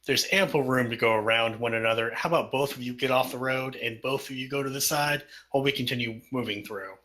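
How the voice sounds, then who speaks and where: A man's voice: mid-range voice, fast talker, pushed and bright. A man chatting casually as a player in a tabletop game, laughing easily.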